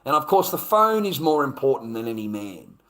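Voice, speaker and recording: A man's voice: mid-range voice, big pitch swings, fairly quick, fairly bright tone. An Australian man livestreaming, ranting in a blunt, profane way and repeating his points. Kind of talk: casual live stream rant.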